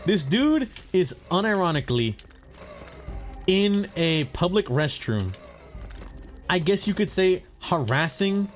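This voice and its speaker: Young man, gaming commentary, casual and profane, slightly higher voice, lively pitch swings. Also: slow pace, pauses often, faint music behind. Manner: rambling, profane, self-correcting. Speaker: gaming channel host. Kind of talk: casual commentary over gameplay.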